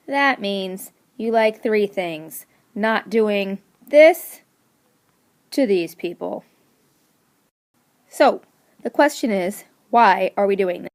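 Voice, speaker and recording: A woman's voice: medium pitch, animated, takes it slowly, pauses often. A woman teacher giving a recorded lesson, telling a joke and explaining with playful emphasis.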